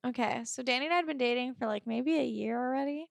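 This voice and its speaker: A woman in her twenties casually telling a story on a podcast, chatty and animated, with many fillers. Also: high-pitched, quick pace, vocal fry, no echo, clean studio sound. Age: 20s. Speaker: podcast guest.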